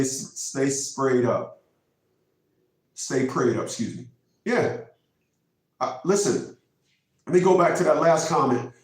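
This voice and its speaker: A man in his fifties with a fairly high voice delivers a preachy, emphatic monologue, hammering his points by repeating them. He sits well back from the mic, and the room around him rings with heavy echo. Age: 50s. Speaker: vlogger host. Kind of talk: casual monologue. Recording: very echoey room, mic far off.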